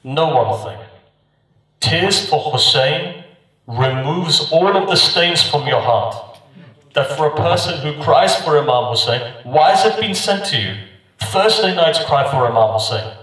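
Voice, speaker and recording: A man's voice: mid-range voice, fairly bright tone. A man giving an impassioned sermon at a mourning gathering, with rhythmic repeated refrains and emphatic rises and drops. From United Kingdom. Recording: very echoey, voice from a distance.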